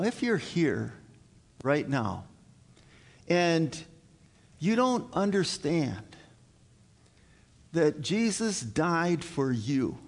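A man preaching a communion sermon as pastor, slow and earnest, building to emphatic high points. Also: in a large hall. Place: church sanctuary.

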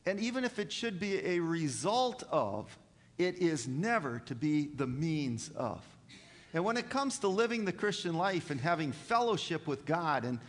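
Guy preaching, lots of uhs and restarts, slightly high voice, echo hanging in the church. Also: a bit bright. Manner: halting, with many fillers and restarts. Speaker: pastor. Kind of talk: sermon.

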